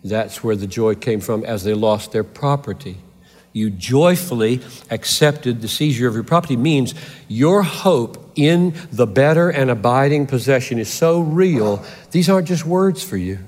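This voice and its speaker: A male pastor delivers a sermon at a deliberate, unhurried pace, his words hanging in the long reverb of a large sanctuary. He is impassioned, climbing to loud emphatic peaks and then sinking to quiet intensity. His voice sits at an ordinary middle pitch.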